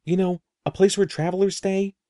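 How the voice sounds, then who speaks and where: A man voicing a curious, anxious young girl who speaks in a lively way. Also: fairly high pitch, measured pace, dry recording, clean studio sound, heavily acted. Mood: worried.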